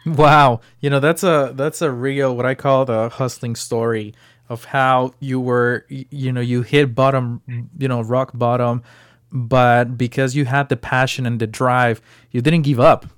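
A man's voice: mid-range voice, level tone, measured pace, dry recording, studio quality. A man hosting a podcast interview, encouraging his guest and filling his talk with "you know" and repeated words. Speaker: podcast host. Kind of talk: interview conversation.

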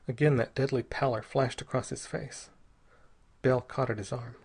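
Brief: male audiobook narrator, measured storytelling, slight husk, mid pitch. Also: fairly even intonation, darkish tone, breathy edge. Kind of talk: scripted narration.

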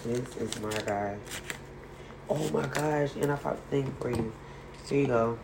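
A woman's voice: very deep voice, a little slow, creaky, noisy background. Chatty, playful woman podcast host. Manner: chatty and playful, laughs often. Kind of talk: casual chat.

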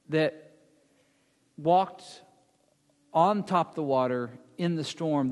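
Dramatizing scripture during a sermon, this male preacher uses a fairly high voice and performs the different speakers in the story. When he wants to emphasize something, he lowers to a hush, and the long reverb of a large hall surrounds him.

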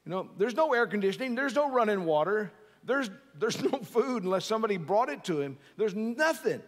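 A man's voice: high-pitched, big pitch swings, fairly quick. A middle-aged man preaching a sermon in a conversational, joking way, often asking the audience questions. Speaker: pastor. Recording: long hall reverb.

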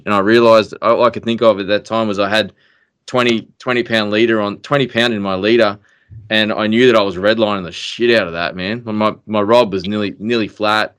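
A low-pitched Australian man chats as a podcast guest. He tells his story in a loose, excitable way, often trailing off into fillers before his voice jumps up again. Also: fairly quick, smooth. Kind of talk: casual storytelling.

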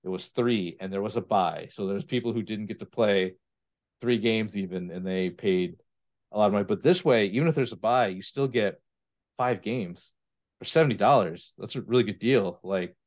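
A man from the US East Coast with a fairly low voice and moderate pace hosts a podcast on tabletop gaming. In easygoing chat, his stories come out animated and rambling, studded with fillers and restarts.

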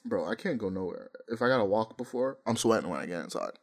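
A young man co-hosting a podcast, casually telling stories, laughing often and breaking into loud impressions of hype men. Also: lowish voice, expressive, fast talker. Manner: laughing storyteller, mimics hype men with yells. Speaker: podcast co-host. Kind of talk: casual chat.

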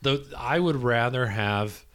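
A man co-hosting a comedy podcast, trading silly deadpan jokes in casual chat. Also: mid-range voice, takes it slowly. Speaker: podcast co-host.

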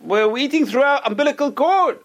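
A man's voice: very high-pitched, animated, brisk, a little hiss or hum, voice pushed up, full character voice. A man putting on a frantic panicking unborn twin. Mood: panicked. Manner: shouting in alarm.

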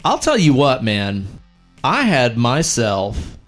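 A man's voice: medium pitch, huge pitch swings, slow pace, soft background music. A man hosting a casual podcast, laid-back and folksy, swearing freely. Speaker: podcast host. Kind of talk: casual chat.

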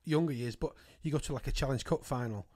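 A man hosting a rugby podcast, asking questions and sharing relaxed anecdotes in casual chat. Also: mid-range voice, quick pace, dry recording, studio quality. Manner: relaxed, chatty, trails off quietly. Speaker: podcast host. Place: podcast studio.

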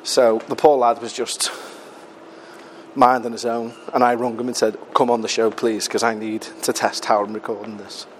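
A man's voice: mid-range voice, flat delivery, moderate pace, slight background noise. Breathless British man rambling outdoors. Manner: chatty, self-mocking, swears casually. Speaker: podcast host. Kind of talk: casual rambling chat while walking. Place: outdoors on a city street.

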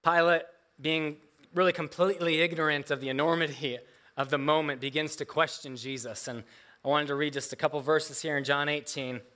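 Earnest preaching man, fairly high voice. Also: steady tone, a little fast, sharp tone. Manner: earnest, with emphatic rises and repeated restarts. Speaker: pastor. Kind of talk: sermon with scripture reading.

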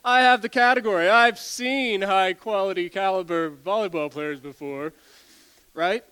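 A man's voice: sits high, unhurried, pushed and bright, smooth. A man in his forties preaching a sermon as a pastor, telling stories animatedly, often stumbling over and repeating words and laughing.

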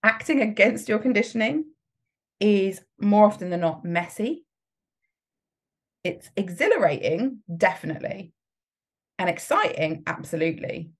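A woman's voice: mid-range voice, expressive, unhurried, pauses often, breathy edge. A woman coach giving a motivational talk, emphatic and frequently laughing as she acts out the voices in people's heads. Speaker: business coach.

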